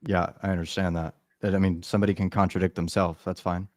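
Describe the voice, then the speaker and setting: A man's voice: low-pitched, level tone, fast, darkish tone, no room sound, studio quality. A man debating on a live stream who talks in a hedging, conciliatory way with plenty of fillers.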